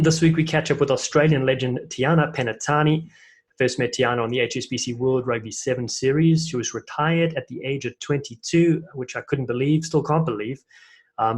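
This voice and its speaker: A man's voice: mid-range voice, brisk. A man with a South African accent hosting a rugby podcast, chatting casually and telling stories with plenty of fillers. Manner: chatty storyteller with frequent fillers. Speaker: podcast host and rugby commentator.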